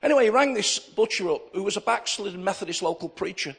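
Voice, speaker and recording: A man's voice: high voice, expressive, fast, creaky, breathy edge. A middle-aged male pastor preaching a sermon, telling stories with acted-out dialogue and repeating key phrases for emphasis. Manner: storytelling preacher who acts out dialogue in anecdotes.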